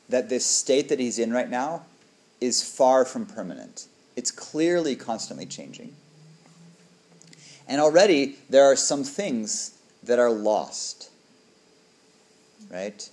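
A man's voice: medium pitch, a little mellow. A man, a dharma teacher, giving a reflective, conversational talk to a group and often asking "right?".

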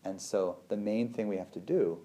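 A man speaks in a low, warm voice, talking through feelings and the nervous system like a meditation teacher. He is conversational, full of "like" and restarts. He jumps up in pitch when he acts out what his inner voice says. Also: moderate pace. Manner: conversational, many fillers and restarts.

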